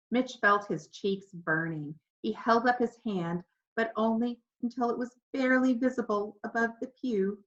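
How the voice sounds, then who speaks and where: A woman narrating a children's storybook with clear, expressive delivery. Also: mid-range voice, normal speed. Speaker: audiobook narrator. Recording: slightly dull lo-fi recording.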